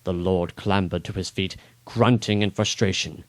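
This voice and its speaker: A man reading his own first-person adventure story aloud in a dramatic, expressive way. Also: lowish voice, normal speed, few pauses, no echo. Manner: expressive, rising on action beats.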